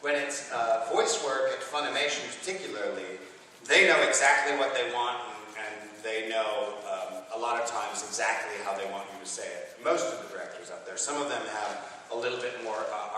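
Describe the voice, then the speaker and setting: A man's voice: fairly low pitch, fairly quick. Chatty man in an echoey hall. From Texas. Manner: chatty, laughs often, animated storytelling. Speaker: voice actor and panel guest. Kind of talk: convention panel Q&A. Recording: echoey hall from far off, faint noise.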